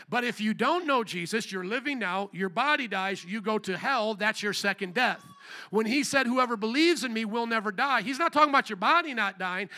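A male pastor preaching a church sermon. He calls out to the congregation for responses and slows down to read scripture aloud. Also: pushed and bright. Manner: reads scripture aloud, slowing and rising in pitch for quoted lines. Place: church service.

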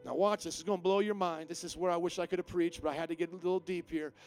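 Pastor, male, high-pitched voice, emphatic sermon delivery with big dynamic swings, faint music underneath. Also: steady tone, fast talker. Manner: emphatic preaching, swings from quiet to loud.

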